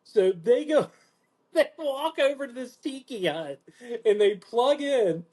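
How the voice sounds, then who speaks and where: A man hosting a podcast, telling an animated story in casual chat, swearing freely and acting out what people said. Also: takes it slowly. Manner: animated, profane, acts out quotes in a lower voice. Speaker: podcast host.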